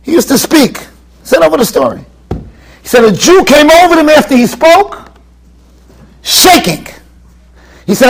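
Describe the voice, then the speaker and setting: Rabbi w/ giving a torah class, really high voice that jumps all over, emphatic storyteller. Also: male voice, big pitch swings, a little slow, long pauses, rough recording. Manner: emphatic storytelling, mixing Yiddish and Hebrew terms. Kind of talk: yeshiva Torah lecture. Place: study hall in a yeshiva.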